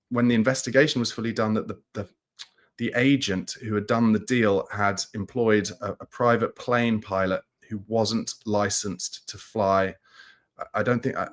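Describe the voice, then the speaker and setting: A man hosting a football livestream, speaking in a somber, halting way with many restarts as he reads and answers viewer comments. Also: medium pitch. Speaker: football channel host. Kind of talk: live-stream chat reading viewer comments.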